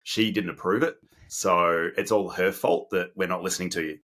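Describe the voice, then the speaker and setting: A man's voice: low voice, fairly even intonation, normal speed, a bit bright. A man putting on an evasive government committee spokesman who shifts blame with mock reasonableness. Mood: smug deflecting.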